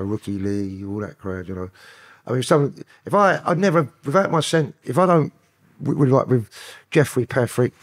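London man, podcast guest, husky and coarse-spoken, sweary storyteller. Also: medium pitch. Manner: profane, rambling street talk. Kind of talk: casual storytelling interview.

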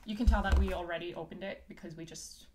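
A woman's voice: fairly low pitch, fairly even intonation, fast, background noise. A young woman from Canada co-hosting a snack tasting video in a playful, exclaiming casual chat. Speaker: co-host of a snack tasting channel.

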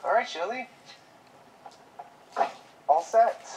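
A broke, gentle young dad. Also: male voice, sits high, animated, slow pace, a little hiss or hum, poor audio. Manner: warm reassuring, playful with his daughter. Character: caring, broke young father, gentle and jokey. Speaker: struggling single dad. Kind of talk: web drama acting.

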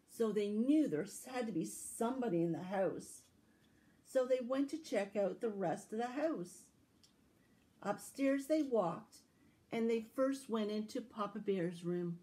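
A woman who tells stories to children at a library, reading a fairy tale aloud and giving tips in slow, expressive, sing-song storytelling. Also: medium pitch, rough recording.

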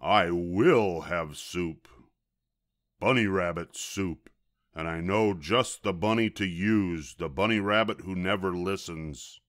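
A man's voice: low voice, lively intonation, takes it slowly, a bit bright, no echo, clean studio sound, exaggerated voice. A man voicing a grumpy, bossy male varmint who snarls and growls his orders, in a storybook reading. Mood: menacing.

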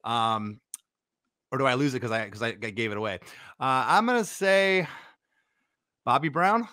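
A man's voice: medium pitch, lively intonation, moderate pace, pushed and bright, smooth. A man competing in a trivia event, hurrying and hedging through his guesses. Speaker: trivia contestant.

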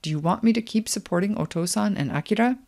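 A middle-aged woman reading her own memoir aloud, quiet and introspective in a measured way. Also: medium pitch. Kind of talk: reflective memoir narration.

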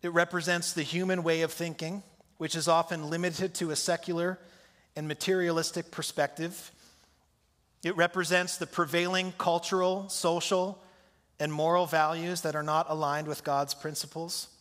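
A man's voice: a little high, level tone, moderate pace, fairly bright tone. A male pastor preaching a sermon in a conversational way, putting questions to his congregation. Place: church sanctuary. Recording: long church hall reverb.

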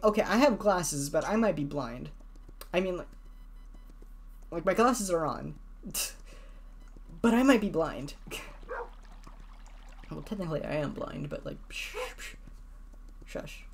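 Woman, lowish voice, casual rambling gameplay commentator, heavy on fillers. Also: expressive, unhurried, pauses often, darkish tone. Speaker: gameplay video creator. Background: game music.

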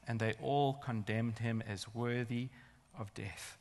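A man's voice: medium pitch, steady tone, moderate pace, fairly bright tone. A man preaching a sermon in a church, emphatic and building to intense rhetorical questions. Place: large church hall. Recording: long church hall reverb.

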